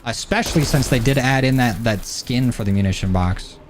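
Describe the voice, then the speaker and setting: A man's voice: medium pitch, a little fast, slight background noise. A man streaming a shooter game, thinking aloud in casual commentary, rambling and swearing freely from his home desk mic. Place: home gaming setup. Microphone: desk mic through a mixer. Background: faint game gunfire.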